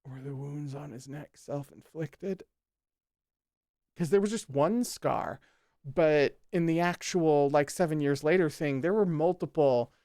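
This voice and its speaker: A man with a somewhat high voice reads a text aloud, then stops to react with sarcastic, exclamatory comments and casual swearing. The sound is dry, with no room echo at all. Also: a little slow, dark tone. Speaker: host.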